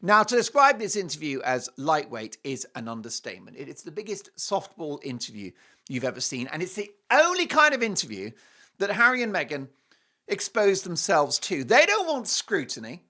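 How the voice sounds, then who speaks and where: Sarcastic talk host, animated. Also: male voice, a little high, normal speed. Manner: sarcastic, mocking, theatrical outbursts. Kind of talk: opinion monologue.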